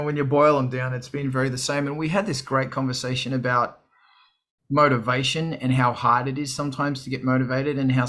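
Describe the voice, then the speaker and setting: Bright-voiced man chatting, swearing. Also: mid-range voice. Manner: animated, swearing, quoting others in put-on voices. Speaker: livestream host. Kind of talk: casual chat to a live audience.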